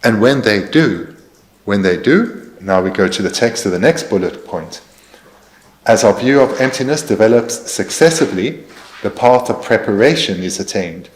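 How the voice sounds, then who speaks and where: A man translating a Buddhist dharma teaching in a careful, measured way, pausing with fillers as he searches for precise terms. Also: fairly low pitch. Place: meditation centre teaching hall.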